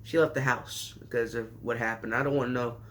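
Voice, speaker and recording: A man's voice: mid-range voice, fairly even intonation, brisk, a bit bright. A man casually recapping a show with sarcastic, rambling asides and mock surprise. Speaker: show reviewer.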